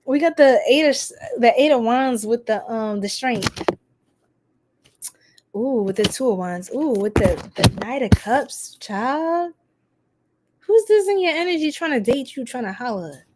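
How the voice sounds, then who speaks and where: A woman's voice: a little high, a little slow, background noise. A woman hosting a live tarot reading for her stream, chatty and sassy, greeting viewers by name and exclaiming at the cards. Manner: animated, exclaims often.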